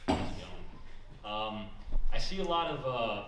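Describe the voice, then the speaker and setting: A young man performing a stand-up comedy set with a dry, deadpan delivery. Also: mid-range voice, moderate pace, recorded from a distance. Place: small comedy club stage. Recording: echoey club room, mic heard from afar, loud noise.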